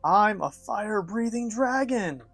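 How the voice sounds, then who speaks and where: A man's voice: high-pitched, lively intonation, measured pace, fairly bright tone, no echo, soft background music, voice pushed up, exaggerated voice. A man voicing a cheeky little gecko in a storybook reading, blunt and matter-of-fact. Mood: excited.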